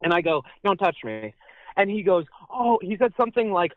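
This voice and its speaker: A man calling in to a radio show over the phone, telling a story in a casual, animated way. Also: fairly quick, no room sound. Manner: animated, high-pitched, jumps up when quoting himself. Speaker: phone-in caller. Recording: tinny phone line.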